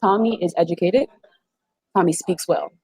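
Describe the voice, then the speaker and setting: A woman's voice: on the low side, normal speed, darkish tone, slight background noise, low-quality recording. A woman in her twenties, a guest on a video call interview, talking in an emphatic, slangy, casual way. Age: 20s. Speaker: guest, former reality show contestant.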